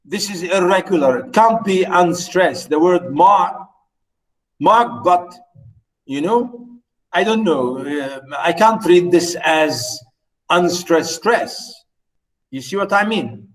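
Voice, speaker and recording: Halting, slow-talking male lecturer. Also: high voice, animated, poor audio. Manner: hesitant, many fillers and restarts; often checks in with students. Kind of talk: unscripted poetry lecture.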